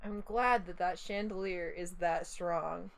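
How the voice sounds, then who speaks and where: A woman's voice: lowish voice, steady tone, unhurried, creaky. A woman who wrote the story being read, chatting casually and giggling, rambling with lots of fillers. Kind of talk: casual chat.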